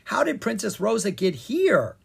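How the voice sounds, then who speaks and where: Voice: mid-range voice, wildly swooping pitch, normal speed, vocal fry, husky, voice pushed up, full character voice. A reader voicing Zed, an eager, cheerful young boy in a fairy-tale adventure.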